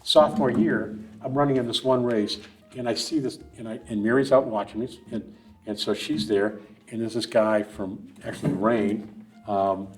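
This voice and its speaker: A man's voice: on the low side, steady tone, moderate pace, soft background music. A middle-aged man, a guest on a running podcast, telling long rambling stories with many restarts and asides. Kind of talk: casual storytelling interview.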